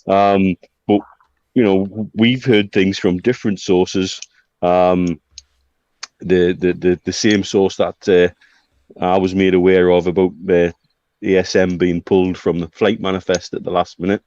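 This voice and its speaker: Bloke chatting football, lowish voice, lots of ums, dull dry lo-fi sound. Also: male voice, little pitch movement, a little mellow, no room sound. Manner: measured, hesitant with many fillers. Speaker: podcast co-host. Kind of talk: casual football chat.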